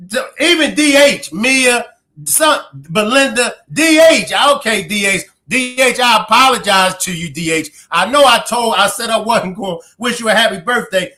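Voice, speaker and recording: A man's voice: very high-pitched, bright, forceful tone. A man streaming live, reacting to a clip, who keeps laughing, exclaiming and breaking off mid-sentence.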